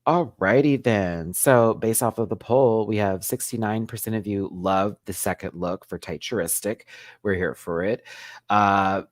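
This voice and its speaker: A man's voice: measured pace, dry recording, clean studio sound. Sassy campy man hosting a live recap. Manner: sassy, campy, animated with big swings in pitch. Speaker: host of a live recap stream.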